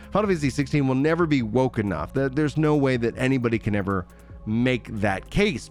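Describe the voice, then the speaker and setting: Rambling man giving gaming opinions. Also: lowish voice. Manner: rambling, animated, many restarts. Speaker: gaming commentator. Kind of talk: casual opinion monologue.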